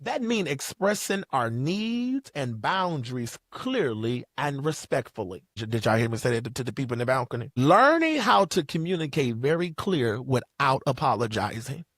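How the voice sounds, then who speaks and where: A man's voice: mid-range voice, very animated, normal speed, hardly any pauses, a bit bright, no room sound, studio quality. A man hosting a podcast, delivering motivational advice in an emphatic, repetitive preacher's cadence. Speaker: podcast host.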